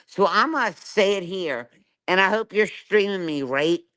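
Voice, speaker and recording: Middle-aged woman streamer, clear voice, furious and foul-mouthed, hammers every point with "right?". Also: mid-range voice, expressive, normal speed, fairly bright tone. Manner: profane, confrontational, keeps asking "right?". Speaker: livestreamer. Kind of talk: angry live-stream rant.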